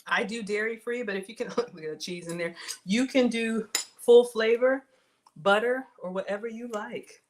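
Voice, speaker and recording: A middle-aged woman, hosting a casual cooking livestream, chatty and excitable, talking straight to her viewers. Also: a little high, moderate pace, slight background noise. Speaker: home cook livestream host.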